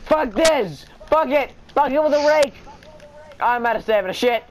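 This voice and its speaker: A man cursing and yelling loudly in casual chat while playing a video game with a friend. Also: very high voice, animated, moderate pace, noisy background. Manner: loud, profane, yelling outbursts. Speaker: gamer playing online with a friend. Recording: loud game sound behind the voice.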